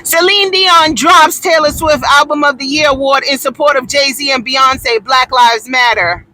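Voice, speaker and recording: A woman giving a loud, theatrical, profane comedic rant, indignant and often yelling. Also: high-pitched, measured pace. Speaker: vlogger.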